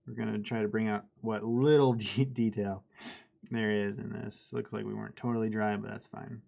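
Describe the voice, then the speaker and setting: A man's voice: fairly low pitch, flat delivery, normal speed, creaky, darkish tone. A man hosting a live miniature-painting stream, chatting casually and laughing at himself while he works. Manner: chatty, self-deprecating, laughs easily.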